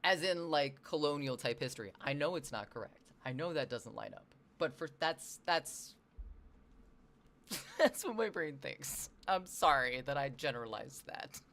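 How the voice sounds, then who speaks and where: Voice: mid-range voice, animated, measured pace, a bit bright. A livestreamer from the US Northwest who chats casually with viewers, reads chat messages aloud, rambles and swears now and then.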